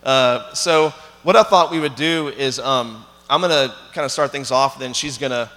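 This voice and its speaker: Bright-voiced pastor in a reverberant church. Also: male voice, medium pitch, normal speed. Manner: conversational, with fillers and audience questions. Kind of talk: sermon. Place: church sanctuary. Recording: long hall reverb.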